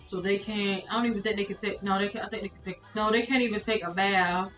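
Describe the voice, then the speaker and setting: A woman's voice: medium pitch, steady tone, fast, fairly bright tone, reverberant, soft background music, poor audio. A woman streamer commentating a life-sim game live, exasperated and laughing as she talks to her chat.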